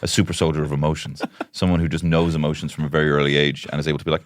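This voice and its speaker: A man's voice: a bass voice, very fast, few pauses, dry recording, clean studio sound. An Irish man in his thirties, co-hosting a podcast in casual chat, acting out voices as he tells stories. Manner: animated storyteller, acts out voices loudly. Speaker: podcast co-host.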